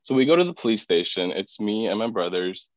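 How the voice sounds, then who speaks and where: As a podcast guest, a man tells a personal story casually in a lowish voice with big pitch swings, speaking briskly. He leans heavily on "like" as filler and acts out what other people said, and the podcast audio is dull and dry.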